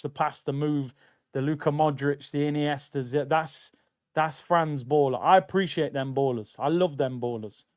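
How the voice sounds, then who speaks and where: A young man hosting a live football watchalong, chatting in slang and getting loud at big moments. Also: on the high side, clean tone, dry recording, dull audio. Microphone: streaming mic.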